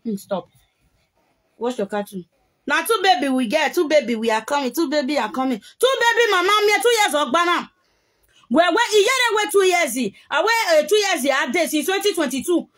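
Nigerian woman, high voice, heated live-video rant. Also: lively intonation, brisk, fairly bright tone. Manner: heated, scolding, mixing pidgin and local language.

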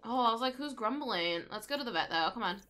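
A young woman making gaming videos races through chatty, casual commentary on a life-simulation game, often speaking to the pets on screen. Her fairly high voice is sharp, with lively intonation.

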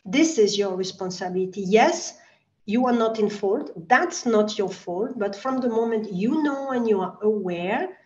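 A woman's voice: mid-range voice, expressive, unhurried, recorded from a distance. Earnest woman guest, echoey dull sound. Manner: earnest, reassuring, slightly non-native phrasing. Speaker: animal communicator guest. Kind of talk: interview conversation.

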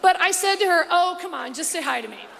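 A woman performing stand-up in a large theater, her high voice carrying a gravelly edge. She tells gossipy stories with relish and slips into mocking impressions. The live recording has a long hall echo and a loud crowd behind her. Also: lively intonation, fast, slight background noise. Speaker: stand-up comedian. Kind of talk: stand-up comedy set. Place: large theater stage before a live audience.

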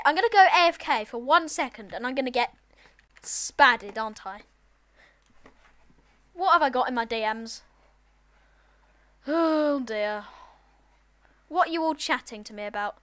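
Excitable high-voiced woman gamer. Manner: excitable, with sudden loud outbursts. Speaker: gaming channel host. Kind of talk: casual let's-play commentary.

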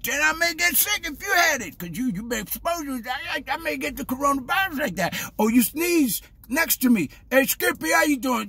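Husky, animated man preaching casually. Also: very high-pitched, no echo. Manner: animated and preachy, stammering repeated words; street-style grammar, says "man" and "baby". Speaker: vlogger. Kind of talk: casual spoken monologue.

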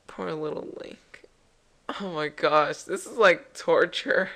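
A woman's voice: low voice, fairly bright tone. A woman hosting a let's play, chatting casually and jokingly over the game. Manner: chatty, jokey, rambling. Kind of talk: casual gameplay commentary.

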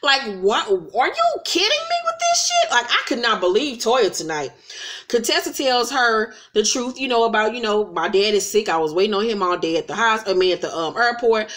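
A woman's voice: medium pitch, expressive, brisk, fairly bright tone. A woman recapping a reality show in a casual vlog, blunt and profane, retelling scenes with mocking quoted voices.

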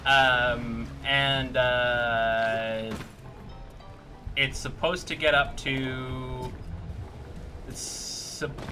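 Canadian man, game streamer, casual commentary, self-deprecating jokes, slow pace, bright voice. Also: medium pitch, steady tone, soft background music. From British Columbia, Canada.

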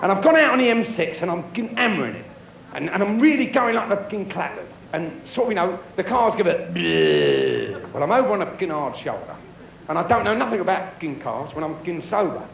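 A man's voice: sits high, big pitch swings, a little fast, creaky. A man doing live stand-up on a club stage, telling crude jokes full of swearing and bantering with the crowd. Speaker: stand-up comedian. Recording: echoey club with crowd and noise.

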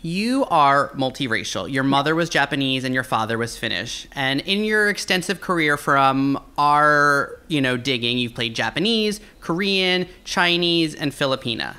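Guy cohosting a podcast, bright smooth voice, reading off his research questions. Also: mid-range voice, expressive, moderate pace, few pauses. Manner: prepared, reads out research to guest. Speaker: podcast co-host. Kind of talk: casual interview questions.

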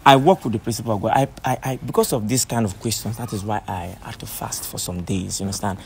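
A man's voice: lowish voice, quick pace, gravelly, darkish tone, slight background noise. A man playing a pastor who repeats reassurances and preaches in a sermon-like way. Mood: solemn. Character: soothing, preachy young male pastor. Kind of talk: skit acting.

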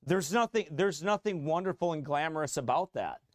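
A middle-aged man, a pastor preaching a fiery, combative sermon that rises to shouts. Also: fairly high pitch, lively intonation, a little fast, no echo, clean studio sound. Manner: combative, mocking, repeats phrases, rising to shouts.

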